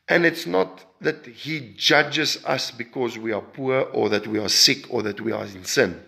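Gravelly-voiced man preaching a sermon. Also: unhurried, hardly any pauses. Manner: emphatic, with sudden rises and drops in pitch and loudness; repeats words and restarts while preaching.

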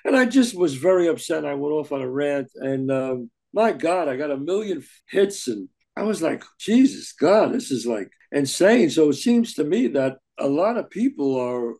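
Older male co-host, animated and earnest, slightly high voice, casual chat. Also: normal speed, creaky, few pauses. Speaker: podcast co-host.

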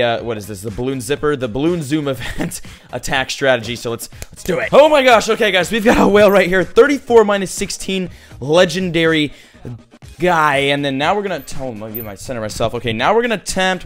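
Brief: young male gaming YouTuber, rapid hyped commentary, faint game music underneath. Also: medium pitch. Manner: excitable, hype shouts.

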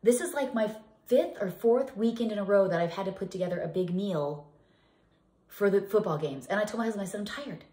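A woman's voice: medium pitch, fairly quick, dark tone. A middle-aged woman chatting casually as a home cooking vlogger, telling rambling stories full of restarts and fillers. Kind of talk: casual chat. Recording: echoey room.

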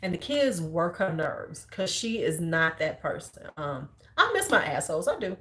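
A Chicago woman in her forties, a high school teacher and beauty vlogger, chats casually about her school days in a slightly low voice at normal speed. She's blunt and curses a lot, staying animated as she acts out the people in her stories, quoting them in a high squeal.

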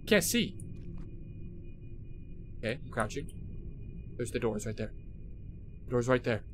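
A young man streaming a horror game, jumpy and swearing, talking to his chat and shouting at those who laugh at him. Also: mid-range voice, slow pace, pauses often, a little hiss or hum. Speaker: gaming streamer. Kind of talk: live horror game commentary. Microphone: headset.

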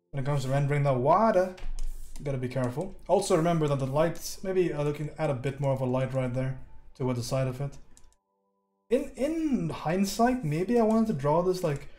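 A man's voice: mid-range voice, darkish tone. A man giving a casual live painting critique, joking loosely, swearing and answering his chat while he works. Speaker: livestreaming art instructor. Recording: roomy echo, faint background music.

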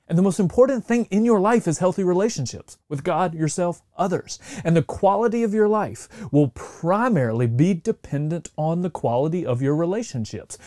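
A middle-aged pastor delivers his sermon in a relaxed, conversational way, now and then slipping into the voices of the people he describes. His voice sits fairly high for a man yet sounds mellow and warm. The recording is dry and close. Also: no room sound. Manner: conversational preaching, acts out quoted voices. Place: church sanctuary.

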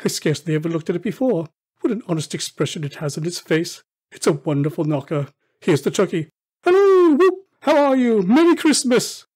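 A man voicing an elderly miser who has turned joyful, talking eagerly and warmly. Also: on the high side, fast, husky. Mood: giddy. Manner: eager, warm and effusive. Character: elderly male miser, newly joyful and giddy.

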